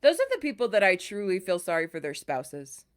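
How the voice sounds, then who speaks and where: A woman co-hosting a podcast, talking in an easy, casual way. Her voice moves a lot in pitch, rising and falling as she tells stories and plays every part in them. She sits at a middle pitch. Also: brisk. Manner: animated storyteller, acts out both sides of the call. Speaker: podcast co-host. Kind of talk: casual chat, retelling a customer service call.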